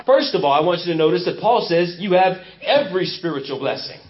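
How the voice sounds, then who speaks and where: A pastor delivering a sermon in a church with an emphatic, repetitive preaching cadence. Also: male voice, sits high, lively intonation, fast, hardly any pauses, slight background noise. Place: church sanctuary. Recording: muffled lo-fi church recording.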